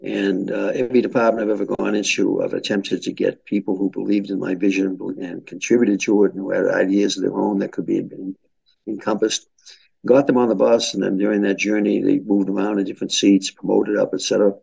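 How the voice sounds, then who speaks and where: An older man from Boston with a Boston accent, answering interview questions in a measured way with frequent hesitations. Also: on the low side, level tone, a little mellow, dull audio. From Boston, USA. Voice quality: gravelly, husky. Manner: measured, hesitant with many fillers. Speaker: interview guest.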